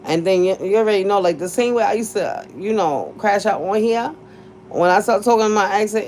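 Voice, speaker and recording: A woman's voice: medium pitch, expressive, normal speed, poor audio. New woman in her 30s, blunt and cussing, laughs a lot, faint hiss behind her. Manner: blunt, profane, laughs often. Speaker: podcast host. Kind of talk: candid casual chat.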